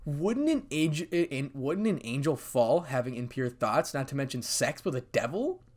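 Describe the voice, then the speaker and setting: A man voicing a calm, curious young male devil who speaks in a measured, dry way. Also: medium pitch.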